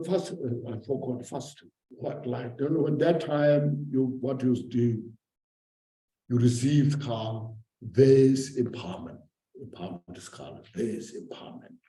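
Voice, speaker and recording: Man, Buddhist teacher, dharma teaching, short halting phrases, very dark mellow tone, roomy echo. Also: mid-range voice.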